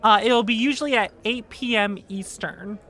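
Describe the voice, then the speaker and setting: A woman with a Boston accent hosting a stream, teasing and joking in quick comebacks. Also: on the high side, a bit bright. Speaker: streamer host. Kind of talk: casual stream chat.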